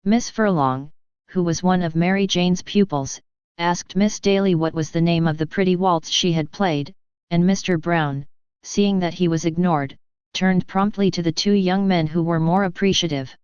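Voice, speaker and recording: A woman narrating an audiobook in a measured, even reading style. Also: on the low side, smooth, no echo. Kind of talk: scripted narration. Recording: slightly muffled recording.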